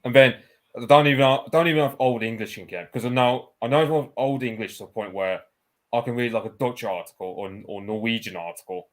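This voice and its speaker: A man chatting as a podcast guest, speaking haltingly and restarting words and sentences. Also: medium pitch. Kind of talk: casual podcast chat.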